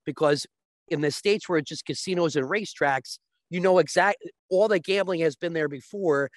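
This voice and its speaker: A man as a guest on a talk show, explaining sports betting step by step and often checking with a quick "right?". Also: fairly high pitch, no room sound.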